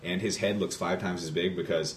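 A man hosting a podcast, talking in casual chat with halting, rambling storytelling and many restarts. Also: low voice, steady tone, echoey room, distant mic, a little hiss or hum. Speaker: podcast host.

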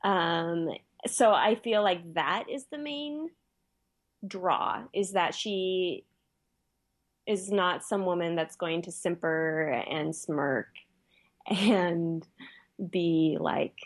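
A woman's voice: lowish voice, drawn-out words. Matter-of-fact woman explaining in casual chat.

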